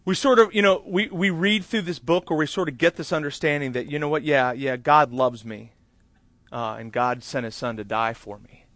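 A man's voice: a little high, normal speed, fairly bright tone, no room sound. A man preaching a sermon, telling a long story in a chatty way with many fillers.

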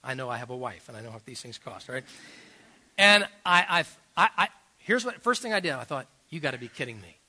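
A middle-aged man, a pastor, preaching a sermon and telling personal stories, swinging between loud emphasis and quiet asides. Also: medium pitch, expressive, brisk.

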